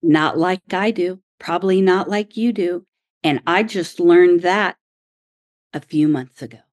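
Middle-aged woman from oklahoma telling a caddie story, fired up and emphatic, lowish voice, dry close sound. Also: measured pace, no room sound. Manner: animated, emphatic, exasperated retelling. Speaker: guest, tour caddie. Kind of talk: casual storytelling.

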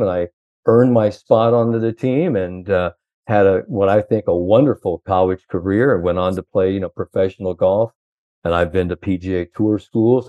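Low-voiced older man telling long stories. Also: no echo, phone-quality sound. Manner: rambling, peppered with "you know". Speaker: sports psychologist guest. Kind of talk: long anecdotal storytelling.

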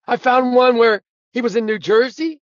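A man's voice: extremely high pitch, moderate pace, no echo, lo-fi sound. A man telling funny anecdotes as an interview guest, acting out other people's lines and laughing at his own punchlines. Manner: animated storyteller who acts out quotes and laughs at his own punchlines. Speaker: guest, sportswriter and author. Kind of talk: casual storytelling interview.

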